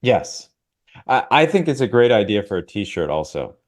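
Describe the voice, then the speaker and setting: Sardonic low-pitched podcast co-host. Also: male voice, sing-song, moderate pace. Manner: sardonic, absurdist ranting. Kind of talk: casual podcast banter.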